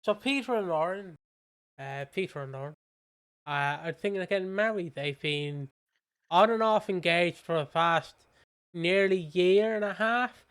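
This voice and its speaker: Smooth-voiced British man, rambling. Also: high voice, measured pace, fairly bright tone. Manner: rambling, with many fillers. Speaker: podcast co-host. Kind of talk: casual chat recapping a soap.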